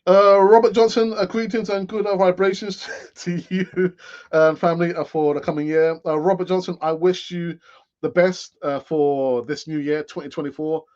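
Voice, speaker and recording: A man's voice: high voice, fairly even intonation, normal speed, darkish tone, dull audio. A man in his late fifties hosting a casual live-stream football chat, rambling with sighs and asides. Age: late 50s. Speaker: football fan channel host.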